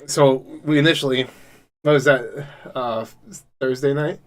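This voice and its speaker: A man co-hosting a casual podcast chat, telling a rambling, profane story that turns loud and laughing when he gets excited. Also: mid-range voice, unhurried. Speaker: podcast co-host.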